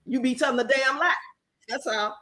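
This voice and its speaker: A woman from Chicago with a Chicago accent, hosting a livestream and answering her chat in an animated, outspoken way. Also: high voice, normal speed, no room sound, poor audio. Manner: animated, outspoken, emphatic, talks back to the chat. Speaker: livestream host. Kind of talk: livestream chat reacting to comments.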